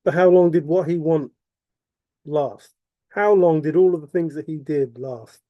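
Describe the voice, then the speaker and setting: A man's voice: a little high, measured pace, no echo, muffled recording. A man delivering an impassioned, repetitive monologue full of rhetorical questions. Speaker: vlogger.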